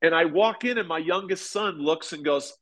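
A man in his forties talks in a slightly high voice. He tells stories as a podcast guest, relaxed and rambling, full of restarts. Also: normal speed. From United States. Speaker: podcast guest, former pitcher and golfer. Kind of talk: casual interview storytelling.

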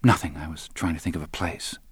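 A man's voice: extremely low pitch, fairly even intonation, quick pace, husky, no room sound, exaggerated voice. Tired, guarded woman voiced by a male narrator. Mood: subdued. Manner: subdued, evasive, quiet.

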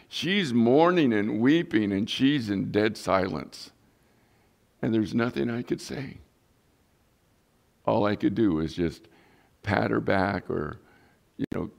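Middle-aged male pastor, low gravelly voice, earnest storytelling sermon. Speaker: pastor and police chaplain.

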